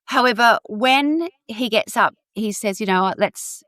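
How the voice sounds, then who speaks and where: A woman hosting a podcast, telling a true-crime story in a chatty, animated way with many asides. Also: on the high side, measured pace, dry recording. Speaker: podcast host.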